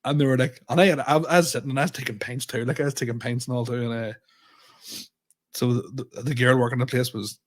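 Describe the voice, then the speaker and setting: Animated man telling stories. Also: medium pitch, fast talker. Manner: animated storyteller acting out both sides of dialogue, swearing. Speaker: podcast co-host, comedian. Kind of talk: casual chat.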